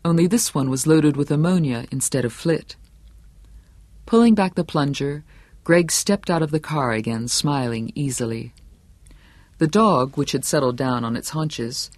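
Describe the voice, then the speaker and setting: A man narrating an audiobook in a steady, measured storytelling manner. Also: on the high side, no room sound. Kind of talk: scripted narration.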